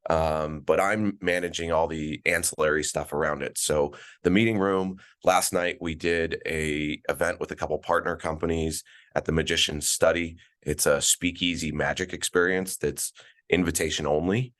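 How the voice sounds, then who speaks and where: Very deep-voiced man in his forties. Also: normal speed. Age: 40s. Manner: relaxed, storytelling, many fillers and restarts. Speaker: guest, events director. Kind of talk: casual interview chat. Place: at a conference, remote call.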